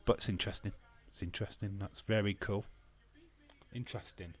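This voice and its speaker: A man's voice: fairly low pitch, steady tone, a little fast, slight background noise. A young man casually chatting on a live stream, reading out viewer comments, laughing often and swearing now and then. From England.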